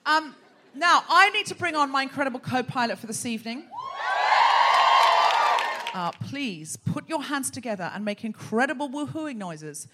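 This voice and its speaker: A woman's voice: high-pitched, lively intonation, moderate pace, over a noisy crowd, heavy background noise. A woman from Australia hosting a live comedy podcast on stage, talking in exclamations, repeating phrases and laughing as she goes. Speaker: host. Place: theatre stage before a live audience.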